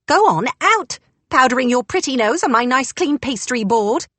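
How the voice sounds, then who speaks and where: A woman voicing a cranky, half-deaf old housekeeper with an English accent, shrill and scolding. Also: animated, normal speed, a bit bright, no echo. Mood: furious scolding.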